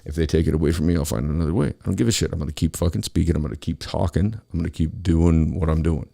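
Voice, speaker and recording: A man's voice: rumbling low, fast talker, vocal fry, dark tone. A man hosting his own show, delivering an angry, profane solo rant about politics. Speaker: podcast host.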